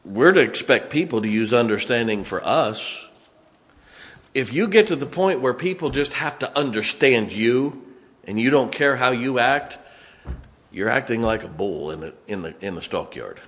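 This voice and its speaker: A man preaching a sermon in a church, emphatic, swinging from loud to hushed. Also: medium pitch, animated, normal speed.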